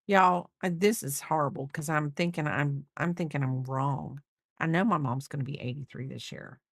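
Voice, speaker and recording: A woman's voice: low voice, normal speed, no echo, clean studio sound. A woman in her fifties chatting casually while crocheting on a livestream, rambling and thinking aloud with lots of fillers. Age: 50s.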